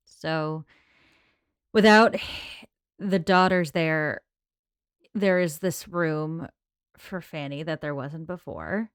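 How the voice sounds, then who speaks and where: A lower-pitched woman co-hosts a podcast, steering a casual book discussion from one question to the next. Her voice is smooth and clear. The recording is dry and close-miked. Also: slow pace, long pauses, no echo. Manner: leads the segments, organized and talkative. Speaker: podcast co-host.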